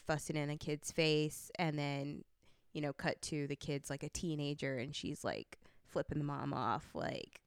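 Woman, low pitch, very clear voice, dry recording, thoughtful casual talk. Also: no room sound. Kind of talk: casual chat.

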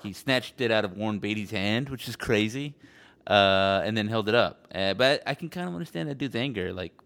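With a lowish voice and brisk delivery, a podcast co-host tells an energetic story in a casual chat. He swears casually and mimics other people as he narrates.

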